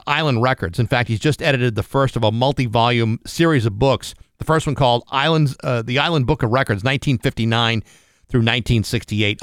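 A man co-hosting a morning radio show trades easy banter between station IDs and sponsor reads. His voice is steady and mid-pitched. The studio mic is close, with a dry sound and no room echo. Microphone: studio microphone.

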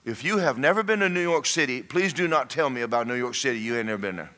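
A man's voice: medium pitch, expressive, fast talker, sharp tone. A man preaching a sermon as pastor, folksy and repetitive, speaking in bursts.

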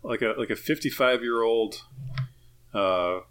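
A man's voice: medium pitch, measured pace, fairly bright tone, clear, resonant tone. A man co-hosting a laid-back podcast with a mid-range voice. He talks in dry, wisecracking asides that wander before landing the joke. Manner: dry, joking, rambling asides. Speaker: podcast co-host. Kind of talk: casual chat.

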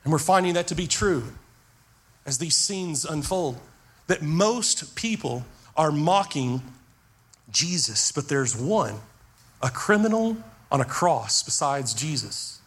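A man's voice: on the high side, lively intonation, slow, long pauses, breathy edge. A man preaching a sermon as pastor, earnest, repeating words as he drives points home.

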